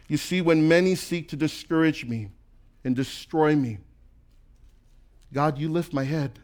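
A male pastor preaching a sermon in a conversational, animated way, acting out quoted voices and often repeating words as he builds a point. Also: a little high.

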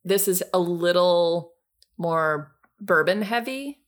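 Woman, lowish voice, relaxed casual chat, hesitant fillers, home video call. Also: slow pace. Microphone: home mic on a video call.

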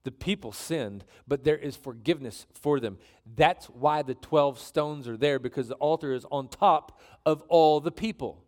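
Animated joking preacher man. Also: a little high, moderate pace. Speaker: pastor. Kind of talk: sermon.

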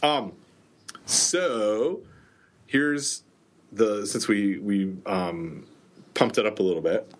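Man, middle-aged, podcast co-host, low-pitched, rambling, laughs a lot. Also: slow, pauses often. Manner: rambling storyteller, laughs often. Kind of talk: casual podcast chat.

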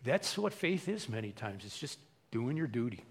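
A man's voice: medium pitch, sing-song, moderate pace, husky, long reverb tail. A male pastor preaching a folksy, conversational sermon full of repetition.

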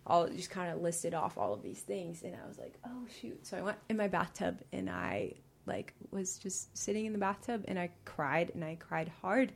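Woman with a fry-heavy voice rambling thru her faith story, lots of likes and ums, gets teary and laughs it off. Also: on the low side, animated, normal speed, few pauses. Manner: rambling, full of fillers and restarts; emotional, laughs through near tears. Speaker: podcast guest. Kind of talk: sharing a personal faith testimony.

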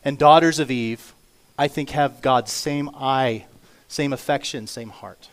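A man preaching a sermon as pastor, earnest and emphatic, swinging between loud declarations and quiet asides, slowing down to read scripture aloud. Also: mid-range voice. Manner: reads scripture aloud slowly.

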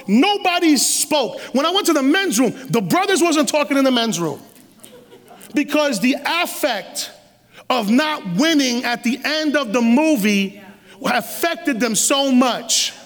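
Middle-aged man, guest preacher, lively streetwise sermon, high-pitched, echoing church hall. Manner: animated, streetwise humor, acts out quotes. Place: church sanctuary.

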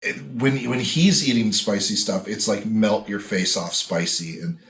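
Man from Wisconsin, slight Wisconsin accent, lowish voice, casual rambling storyteller for a podcast. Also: animated, unhurried, a bit bright. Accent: mild Wisconsin. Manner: rambling storyteller, many fillers. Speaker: podcast co-host. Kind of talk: casual chat.

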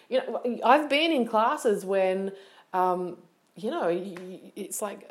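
A young woman, a yoga teacher hosting a solo podcast, talking in a lively, animated way with quick asides. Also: a little high.

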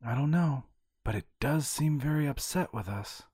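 A man voicing a flustered young male hero who speaks in a wry, hurried way, in audio fiction. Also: medium pitch, expressive, warm tone, slightly rough, dry recording, clean studio sound, pitched above the performer's own voice.

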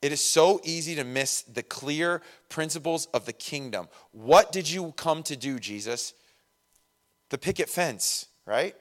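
A man preaching a conversational sermon, acting out quoted voices and swinging between loud and soft. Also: on the high side, expressive, unhurried. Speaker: pastor.

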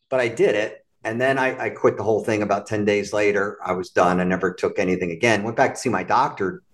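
Man, interview guest, animated storytelling, mid pitch, quotes people in character. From United States. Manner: animated, acts out quoted voices. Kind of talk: conversational storytelling.

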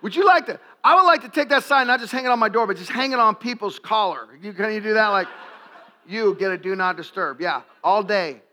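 A man preaching a sermon to a congregation, animated and jokey, acting out little scenes. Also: sits high, fast, few pauses. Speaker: pastor.

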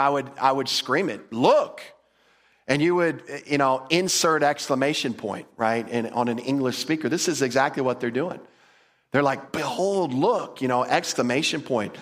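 A man's voice: mid-range voice, a bit bright. A male pastor preaching a casual, humorous sermon, acting out little quotes as he goes. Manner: conversational, humorous, acts out quotes.

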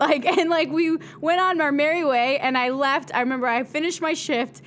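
A young woman from New York as a guest, telling a story in casual chat, acting out quoted lines with big jumps in pitch and lots of filler words. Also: steady tone, normal speed, few pauses, a bit bright.

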